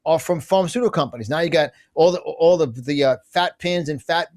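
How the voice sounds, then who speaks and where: A man's voice: a little high, fairly quick, darkish tone. A middle-aged man speaking as an interview guest, ranting with force, piling up asides and restarting his sentences. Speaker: guest, conservative business publisher. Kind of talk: fiery political interview talk.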